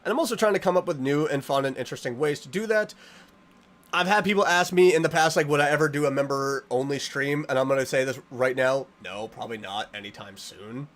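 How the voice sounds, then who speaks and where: A man live-streaming a game, chatting with his viewers in an animated, playfully dramatic way. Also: mid-range voice, brisk. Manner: animated, playfully dramatic, reading and answering chat.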